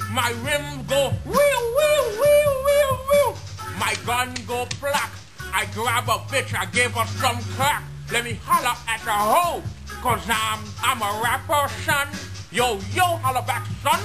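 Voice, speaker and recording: A man voicing a boastful, swaggering male parody rapper, chanting and hollering in repetitive bursts. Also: extremely high pitch.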